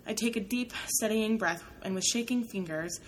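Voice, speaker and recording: Soft-spoken woman audiobook narrator. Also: mid-range voice, moderate pace, slight background noise, low-quality recording. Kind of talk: first-person audiobook narration.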